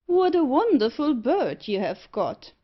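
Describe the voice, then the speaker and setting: A woman voicing a sour-looking gentleman who speaks curtly and briskly. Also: high voice, sing-song, pitched above the performer's own voice. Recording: slightly dull audio.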